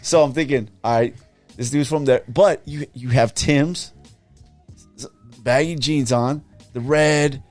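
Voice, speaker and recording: A man's voice: medium pitch, unhurried, long pauses, darkish tone, faint music behind. A man hosting a podcast, chatting casually with his guest in a laid-back, encouraging way. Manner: laid-back, affirming, talks in short bits. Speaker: podcast host. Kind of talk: casual interview.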